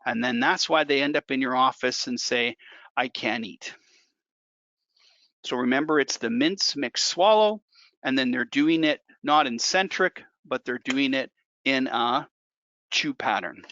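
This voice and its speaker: A man's voice: medium pitch, normal speed, pushed and bright, dry recording. A man working as a dental technician instructor, walking through a hands-on demonstration in a conversational way and repeating key points for emphasis. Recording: dull dry lo-fi recording.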